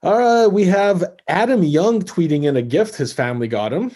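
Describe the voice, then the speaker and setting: A man's voice: high voice, animated, normal speed, warm tone. A man co-hosting a podcast, reading listener mail in a dry, hesitant way. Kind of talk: casual chat.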